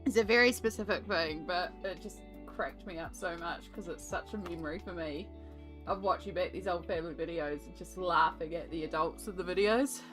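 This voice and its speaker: A woman's voice: fairly low pitch, a little fast, a bit bright, soft background music. Chatty Australian woman streaming art. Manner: chatty, laughing, mimics sarcastic adult tones. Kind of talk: casual chat while colouring.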